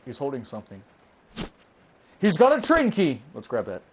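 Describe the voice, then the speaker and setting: A young man casually commentating a video game playthrough, excitable, swearing and rambling. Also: medium pitch, moderate pace, a little hiss or hum, rough recording. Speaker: let's play gamer.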